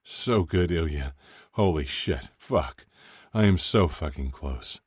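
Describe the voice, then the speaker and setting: A man's voice: extremely low pitch, expressive, takes it slowly, darkish tone, slightly rough, no echo, studio quality, exaggerated voice. A man voicing an earnest, eager young male hockey player in an audiobook, with a lifted, open delivery. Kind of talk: audiobook character voice.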